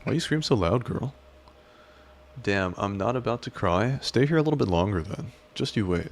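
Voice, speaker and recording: A man with a very deep voice chats through a stream and reacts to clips. He teases in a crude, mock-menacing way. A faint hiss sits under his voice. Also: lively intonation, moderate pace.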